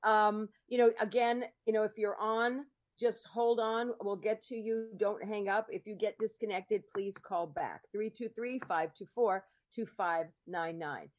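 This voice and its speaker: A woman's voice: mid-range voice, steady tone, a little slow, few pauses. A woman hosting a live call-in radio show, chatty and upbeat. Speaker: radio talk show host.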